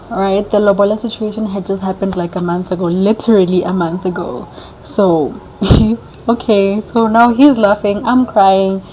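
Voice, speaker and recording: A young woman tells a personal story straight to the camera in a chatty, animated way, slipping into the voices of the people in it. Her voice is mellow and soft-edged at an average pitch. A faint hiss of background noise sits under the recording. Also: poor audio. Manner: animated, chatty, acts out quoted dialogue. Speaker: vlogger. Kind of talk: casual storytelling.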